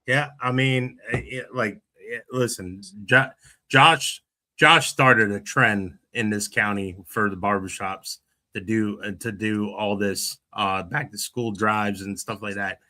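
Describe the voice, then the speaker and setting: A man's voice: lowish voice, steady tone, takes it slowly, bright, forceful tone. A middle-aged man, hosting a casual podcast chat and rambling with many restarts and fillers. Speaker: podcast host.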